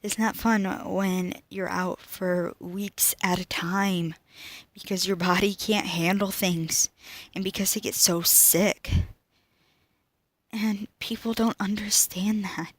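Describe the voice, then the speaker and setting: A teenage girl speaking to camera about her own life, emotional and halting, often dropping to a whisper. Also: medium pitch, steady tone, no room sound. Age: teens. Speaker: student vlogger. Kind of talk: personal talk to camera.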